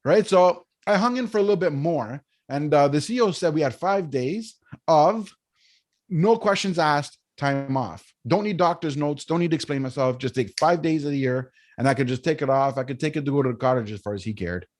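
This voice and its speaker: A man, a podcast guest telling stories in a casual interview, animated, often checking in with "right?". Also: fairly high pitch, a little fast. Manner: animated storyteller, keeps asking "right?". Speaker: podcast guest, business coach.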